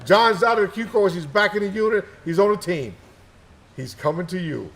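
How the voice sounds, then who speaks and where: A middle-aged man with a folksy, joking way of talking, circling back on his own phrases. He was once an army sniper instructor. His voice sits slightly high for a man. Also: expressive, brisk, a bit bright. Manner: folksy, repeats phrases, teasing. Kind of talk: casual interview chat. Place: indoor gun shop event space.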